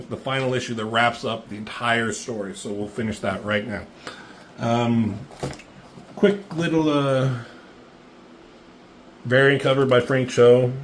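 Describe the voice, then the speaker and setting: A man talks through a comic in a loose, unscripted way, full of fillers and curses. His voice sits at an ordinary middle pitch and climbs sharply when the action heats up. A faint hiss runs under the recording. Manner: profane, excitable play-by-play with lots of fillers. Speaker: comic book reviewer. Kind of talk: casual comic book recap.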